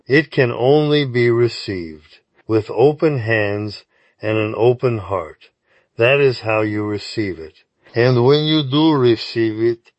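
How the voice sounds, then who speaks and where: A man's voice: medium pitch, no room sound, dull audio. A man hosting a scripted daily devotional, speaking earnestly and directly to the listener. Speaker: devotional host.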